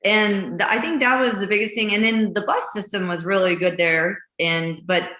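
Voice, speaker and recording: Woman guest from Idaho, bright voice, lively storyteller who laughs a lot, roomy echo. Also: medium pitch, normal speed. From Idaho, USA. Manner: laughs often, animated storytelling. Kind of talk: casual interview chat.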